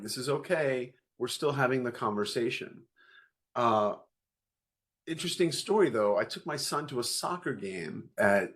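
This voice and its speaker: Man telling family stories in an interview. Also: medium pitch. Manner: animated storyteller, acts out dialogue. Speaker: guest parent. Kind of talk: conversational interview storytelling.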